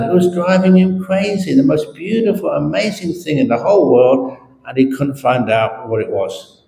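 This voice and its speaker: A man, a Buddhist monk, telling a story in a Dharma talk at an unhurried pace, repeating words for emphasis. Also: medium pitch, creaky, mellow, a little hiss or hum. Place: meditation retreat hall. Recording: roomy hall with faint ambience.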